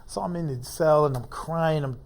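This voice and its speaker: A man as an interview guest, telling a painful personal story in halting, informal speech full of fillers. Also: on the high side, slight background noise.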